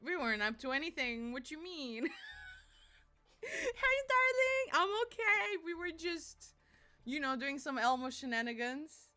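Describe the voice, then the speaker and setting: A woman's voice: high-pitched, normal speed, pushed and bright. A woman streamer chatting casually with her friends and viewers, giggly, playful and teasing. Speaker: live streamer. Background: faint music playing.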